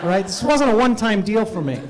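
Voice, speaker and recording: A man from the United States performing an animated, self-deprecating stand-up set at an awards event, with halting fillers. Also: sits high, a crowd in the background, background noise. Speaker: stand-up comedian. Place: event hall with audience laughter.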